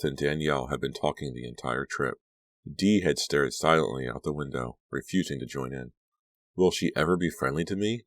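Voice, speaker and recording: A man reading a horror audiobook aloud in a steady storytelling manner, close to the mic. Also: extremely low pitch, vocal fry, no room sound. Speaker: audiobook narrator. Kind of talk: scripted narration.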